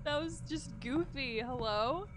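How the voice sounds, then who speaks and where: A woman's voice: sits high, measured pace, background noise. A young woman streaming a horror game, swearing freely, reacting jumpily and talking to her chat. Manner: profane, jumpy, talks to chat. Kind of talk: horror game let's play. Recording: game music behind voice.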